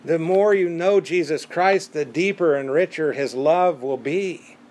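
Emphatic male preacher, higher voice. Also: unhurried, a little mellow. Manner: emphatic, conversational, repeats words for stress. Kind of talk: sermon.

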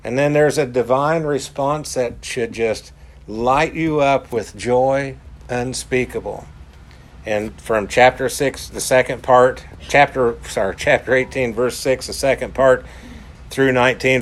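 A male preacher delivers a sermon at an unhurried, measured pace. His voice sits in an ordinary middle register, and he drives home each point by repeating key phrases with emphasis. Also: medium pitch, slight background noise. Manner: slow, deliberate, emphatic repetition.

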